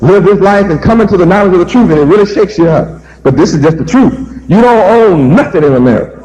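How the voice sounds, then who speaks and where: A man's voice: high-pitched, animated, brisk, darkish tone, poor audio. A man preaching a sermon, emphatic and repetitive, firing rhetorical questions at his listeners.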